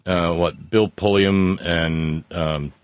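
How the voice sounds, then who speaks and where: A male talk radio host with a fairly low voice chats with a caller in a wry, conversational way. His voice sits close and dry on the mic, with no room sound. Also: fairly even intonation, slow, smooth, dry recording.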